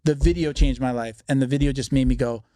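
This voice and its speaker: A man's voice: medium pitch, steady tone, mellow, no room sound, studio quality. A man telling a long personal story in casual podcast talk, swearing freely and acting out the voices of the people he quotes. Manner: fast, profane storyteller who acts out quoted voices. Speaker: podcast guest.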